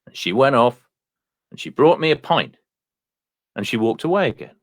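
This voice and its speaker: Deadpan man telling jokes. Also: medium pitch, no room sound, clean studio sound. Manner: deadpan joke delivery with slow punchlines. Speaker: comedian guest. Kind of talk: telling one-liner jokes.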